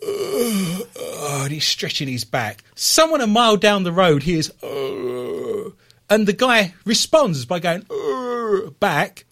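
A man's voice: high-pitched, sing-song, moderate pace, few pauses, a bit bright. A man co-hosting a casual comedy podcast, joking and laughing often as he tells stories and reads news items. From Britain. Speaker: podcast co-host.

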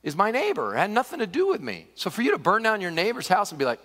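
A male pastor delivers a conversational, humorous sermon in a high, bright voice. His pitch leaps up and down as he preaches, and the sound carries a long reverb from a large church hall. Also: huge pitch swings, quick pace.

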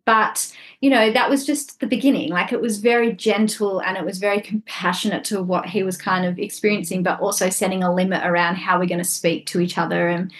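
A woman co-hosting a parenting podcast, talking in a gentle, reflective way with frequent restarts. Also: mid-range voice, fairly even intonation, a little fast. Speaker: podcast co-host. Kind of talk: casual conversation.

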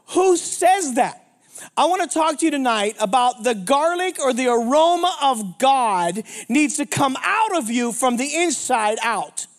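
A man with a notably high voice delivers a lively, humorous sermon. He jokes with the congregation and keeps firing questions at them. He sounds like a seasoned minister in his fifties. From Pittsburgh, United States. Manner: energetic, joking, asks the crowd questions. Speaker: traveling minister.

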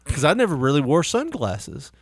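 A man's voice: fairly high pitch, wildly swooping pitch, moderate pace, breathy edge, no room sound, studio quality. A man hosting a casual chat, rambling through stories with frequent swearing and laughter. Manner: rambling storyteller, swears often, laughs a lot. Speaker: podcast host.

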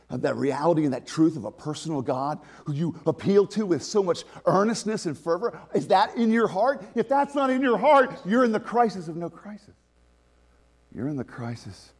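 A man preaching a conversational sermon as pastor, animated and laughing often. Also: on the high side, breathy edge.

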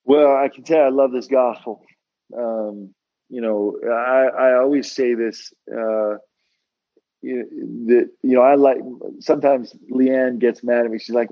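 A man's voice: mid-range voice, fairly even intonation, a little slow, no echo, dull audio. A middle-aged man, a podcast guest and basketball coach, sharing a heartfelt faith testimony in an earnest way, often repeating words as he speaks.

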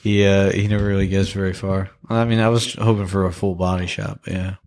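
Rambling low-voiced young man. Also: little pitch movement, fairly quick, a little mellow. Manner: rambling, laughs often, many restarts and fillers. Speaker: podcast co-host reviewing a movie. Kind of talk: casual chat.

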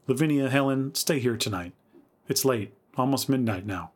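A man's voice: medium pitch, moderate pace, natural voice. A man doing a tearful, pleading young woman. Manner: pleading, sobbing.

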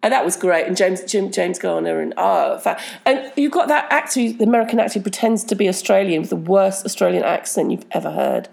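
A woman's voice: mid-range voice, animated, a little fast, vocal fry, few pauses, darkish tone. A woman co-hosting a casual chat, enthusiastic and gushing. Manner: enthusiastic, gushing about old films. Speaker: podcast co-host.

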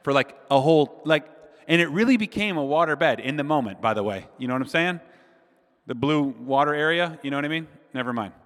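A man's voice: a little high, a little fast. A man in his forties preaching a sermon, telling a comic childhood story and speaking directly to the crowd. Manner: animated, addresses the crowd directly. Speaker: pastor. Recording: long hall reverb.

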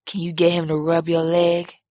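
A woman reads out a pushy male scammer who keeps making crude, insistent demands. The voice sits a little low and sounds close and dry, with no room around it. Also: monotone, normal speed, a little mellow, no room sound, close to an everyday voice.

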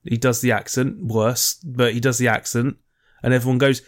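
A man's voice: mid-range voice, little pitch movement, moderate pace. A man in casual film chat, dry and sardonic, swearing casually.

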